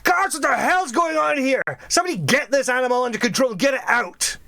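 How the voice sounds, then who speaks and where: A man voicing an angry, burly male guard in a tabletop game, shouting orders in a raised, high voice. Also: brisk, creaky, heavily acted. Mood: outraged.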